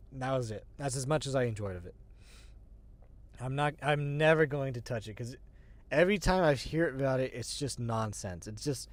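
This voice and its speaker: An agender streamer chats casually at the end of a livestream, rambling, restarting sentences and laughing often. The voice sits at a middle pitch. It is recorded close and dry on a desk mic. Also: no echo. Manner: self-deprecating, restarts sentences. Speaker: streamer, show host.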